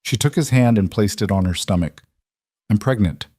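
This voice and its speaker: A man narrating a western storybook with a calm, measured, scripted delivery. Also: lowish voice, husky, no room sound, clean studio sound.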